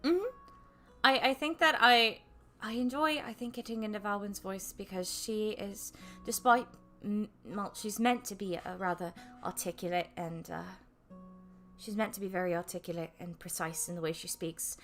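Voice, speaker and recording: A woman's voice: medium pitch, moderate pace, sharp tone, faint music behind. A young woman chatting casually on a livestream, rambling and self-deprecating, with casual swearing and frequent laughs. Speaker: streamer and voice actor.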